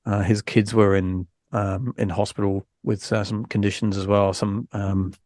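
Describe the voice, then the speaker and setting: A man hosting a podcast, chatting frankly with lots of fillers and restarts while low on energy after an illness. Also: level tone, moderate pace, a little mellow, no room sound, clean studio sound. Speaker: podcast host. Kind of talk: casual podcast chat.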